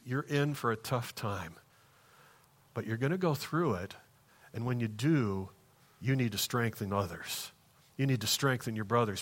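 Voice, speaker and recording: A male pastor with a medium-pitched voice preaches a sermon in church. He shifts between slow, hushed passages and raised, emphatic ones.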